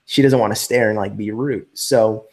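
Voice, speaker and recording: A man appearing as an interview guest tells a story casually, with many fillers and animated reenactments of other people's voices. His pitch is fairly low and his pace moderate.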